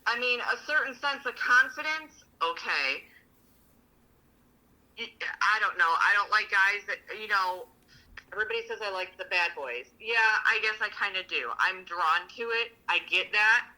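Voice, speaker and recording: Bright, blunt, profane woman storyteller. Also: medium pitch, lively intonation, moderate pace, poor audio. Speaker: podcast co-host. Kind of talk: casual chat.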